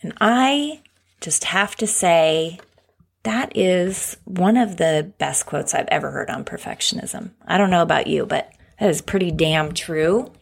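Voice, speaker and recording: A woman's voice: fairly low pitch, measured pace, creaky. A woman hosting her own podcast, talking frankly and candidly in a conversational solo monologue. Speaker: podcast host.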